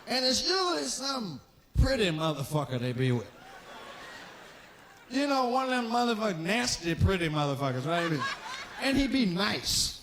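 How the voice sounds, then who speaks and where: A man in his forties performs live stand-up on stage, his high-pitched voice very animated and fairly bright at a moderate pace. He tells loose, profane stories and acts out the characters in them, with slight background noise.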